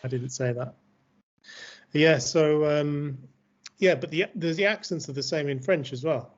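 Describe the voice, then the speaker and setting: Man hosting, fairly high voice. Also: measured pace. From Yorkshire, England. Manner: chatty, leading the questions. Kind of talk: casual chat. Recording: dull lo-fi call audio.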